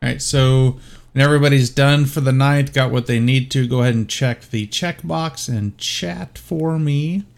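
A man's voice: mid-range voice, normal speed, gravelly. A man narrating as game master of an online tabletop game, rambling and hesitant.

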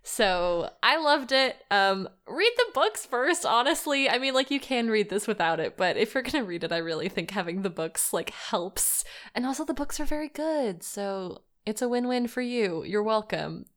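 A woman's voice: a little high, lively intonation, moderate pace, hardly any pauses, fairly bright tone. A young woman co-hosting a casual chat podcast, chatty and enthusiastic with lots of fillers. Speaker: podcast co-host. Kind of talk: casual chat about fan fiction.

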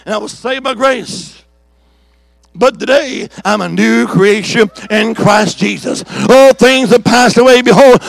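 A man preaching a revival sermon as an evangelist in a church service, with rhythmic repeated declarations and shouted calls for the congregation to answer. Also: very high voice, dry recording. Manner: fiery preaching with shouts and call-and-response.

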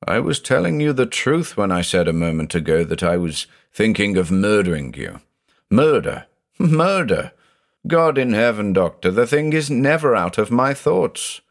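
A man's voice: fairly low pitch, sing-song, normal speed, creaky, few pauses. A man reading a haunted older judge who talks in an intense, growling, confessional way. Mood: anguished. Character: haunted, obsessive older male judge, brooding.

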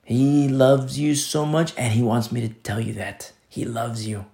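A man preaching a sermon as pastor, earnest and repetitive, often dropping to a soft hush. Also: mid-range voice, flat delivery, measured pace, vocal fry, roomy sound.

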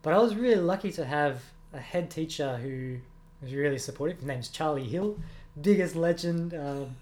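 Young man, slightly high-pitched, earnest and reflective, hesitant fillers. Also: lively intonation, moderate pace, a little mellow. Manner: earnest, reflective, with frequent ums and self-corrections. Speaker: music teacher. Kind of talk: casual interview answers.

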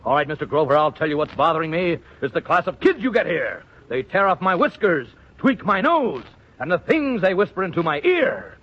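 A man's voice: a little high, sing-song, fairly quick, husky. An actor playing a vain, washed-up male actor who works as a store Santa, grandiose and outraged, in 1940s radio acting. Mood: indignant. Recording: dull lo-fi old radio recording.

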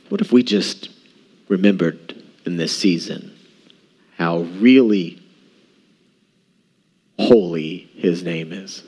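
A man's voice: sits low, darkish tone, slightly rough. Male pastor, conversational sermon, asks the room questions, church setting.

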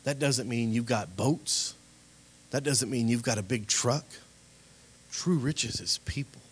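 A man preaches from the pulpit, weaving his own story into the message. His voice swings between quiet reflection and loud, rising emphasis. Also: mid-range voice, slow, breathy edge. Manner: animated preaching, voice rising and getting louder at emphatic points. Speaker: pastor. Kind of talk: sermon with personal testimony.

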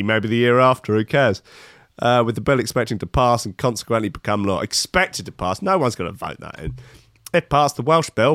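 A man's voice: medium pitch, fairly bright tone, no echo, studio quality. A man hosting a podcast, reading out news stories and riffing on them in a rambling, sarcastic way full of restarts. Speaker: podcast host. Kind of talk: comic news commentary.

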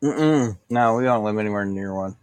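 A man's voice: fairly low pitch, normal speed, a little mellow, clean tone, no room sound. A man in his fifties chatting casually and candidly on a group call. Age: 50s. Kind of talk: casual chat.

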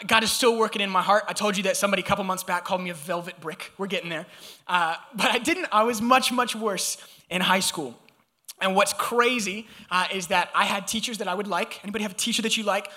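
A young man from Georgia preaching a sermon, telling a personal story in an animated, conversational way and talking straight to the congregation. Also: sits high. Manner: animated, conversational, addresses audience directly.

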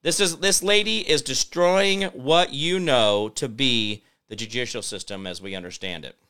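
A man's voice: mid-range voice, normal speed, bright, forceful tone, clean tone. A man hosting a political commentary show, ranting sarcastically and mocking others with put-on voices. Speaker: host.

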